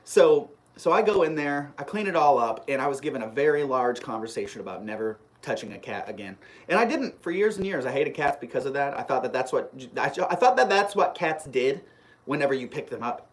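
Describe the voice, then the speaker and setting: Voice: mid-range voice, fairly quick. A live stream host telling a long personal story in a casual, rambling way, full of restarts, and replying to viewer comments. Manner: rambling and animated, with frequent restarts; reads viewer comments aloud and replies.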